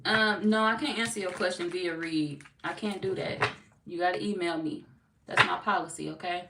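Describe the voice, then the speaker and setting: A woman's voice: fairly low pitch, steady tone, normal speed, gravelly. Woman from missouri doing a tarot livestream, blunt and jokey, kinda far from the mic with noise behind. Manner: blunt, playful, swears freely, laughs often. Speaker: tarot reader hosting a livestream. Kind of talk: casual livestream chat reading viewer comments. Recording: echoey room, far from mic, noisy.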